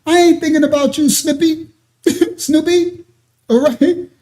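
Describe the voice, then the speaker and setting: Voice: high-pitched, steady tone, unhurried, dark tone. A livestream host reading chat comments aloud and mocking a troll, laughing often between taunting questions.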